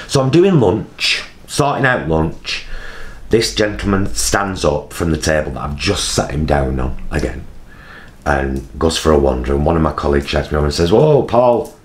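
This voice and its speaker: A man, telling a personal story in a vlog, halting with many fillers and acting out other people's voices. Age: 50s. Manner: acts out voices of people in his story with big jumps in pitch. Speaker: vlogger.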